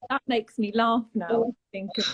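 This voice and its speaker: A woman, a guest telling a painful personal story in a soft, halting way, often trailing off and starting again. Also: a little high, steady tone, lo-fi sound. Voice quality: husky, breathy. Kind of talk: emotional personal account on a live chat.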